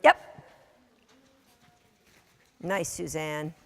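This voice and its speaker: A woman instructing a dog training class, giving brisk, matter-of-fact commands to a dog and its handler, sometimes teasing. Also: low-pitched, fairly even intonation, creaky. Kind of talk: coaching a live training session. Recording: long reverb of a large hall.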